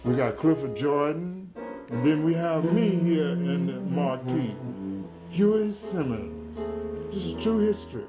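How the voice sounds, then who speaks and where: A man in his seventies, a jazz musician, telling old stories in a streetwise, profane way and often asking "you dig?". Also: medium pitch. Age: 70s. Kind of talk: storytelling recollection. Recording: roomy echo with faint music behind.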